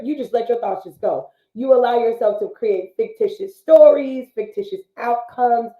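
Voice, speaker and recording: A woman co-hosting a live talk show, speaking in an earnest, preachy, repetitive motivational way. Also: mid-range voice. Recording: phone-like livestream audio in an echoey room.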